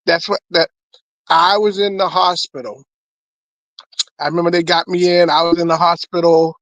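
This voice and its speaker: A man, a comedian, telling his testimony as an animated story, often repeating words. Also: a little high, normal speed, no echo, poor audio. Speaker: guest comedian.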